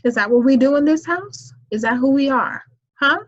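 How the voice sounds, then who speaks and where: A woman's voice: sits high, moderate pace, pitched above the performer's own voice, close to an everyday voice. Woman doing a stern scolding mother. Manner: loud, emphatic, interrogating. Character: stern disappointed mother scolding her child. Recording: dull lo-fi recording.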